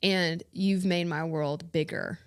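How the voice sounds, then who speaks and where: A woman's voice: fairly low pitch, steady tone, slow, clear, resonant tone, dry recording, studio quality. A woman co-hosting a podcast, chatting casually and earnestly with friends, affirming them and laughing often. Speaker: podcast co-host. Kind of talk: casual chat among friends.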